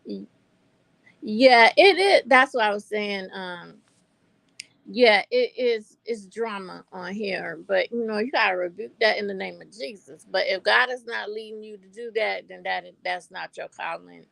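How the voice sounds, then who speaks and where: A woman's voice: mid-range voice, measured pace, vocal fry, fairly bright tone, no room sound. An older woman with a North Carolina Southern accent, chatting to viewers as a vlogger and telling a story, calling them y'all. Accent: North Carolina Southern American. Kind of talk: casual chat to camera.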